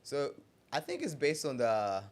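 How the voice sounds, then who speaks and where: Man, mid pitch, soft-spoken, agreeable podcast co-host. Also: huge pitch swings, measured pace. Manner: soft-spoken, agreeing, asks short questions. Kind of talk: casual podcast chat.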